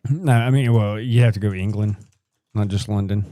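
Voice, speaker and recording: A man's voice: fairly low pitch, a little fast, dark tone, no echo, clean studio sound. An American man co-hosting a live podcast, rambling through opinions with casual swearing. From United States. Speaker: podcast co-host.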